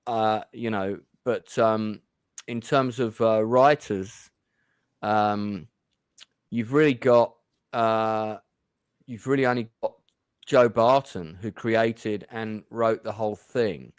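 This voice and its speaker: A man's voice: fairly low pitch, steady tone, takes it slowly, smooth, dry recording, clean studio sound. A man hosting a casual review chat show, talking with many fillers and restarts.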